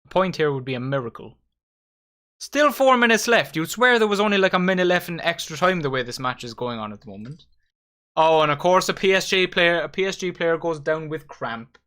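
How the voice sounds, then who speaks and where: A young man giving excitable, sweary live commentary while hosting a football watchalong. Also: fairly high pitch, a little fast. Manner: excitable, swearing, addresses viewers as lads. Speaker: watchalong host.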